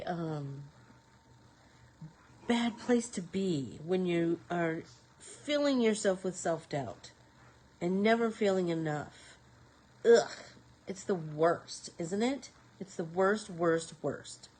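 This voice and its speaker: A woman's voice: on the low side, a little mellow, slightly rough, poor audio. A woman hosting a live painting tutorial, talking casually to viewers and to herself as she works. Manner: talks to herself while working, rambling. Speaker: craft show host.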